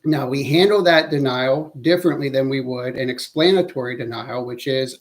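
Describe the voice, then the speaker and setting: Measured male interview-training instructor. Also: medium pitch. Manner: measured, earnest, occasionally self-correcting. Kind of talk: instructional presentation.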